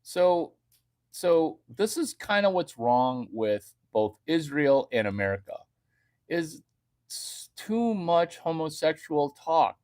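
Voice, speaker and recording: A man rants off the cuff in a slightly high voice that leaps all over the place. He talks slowly and crudely, swinging from loud outbursts to soft cooing baby talk. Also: very animated. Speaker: vlogger. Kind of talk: off-the-cuff comedic rant.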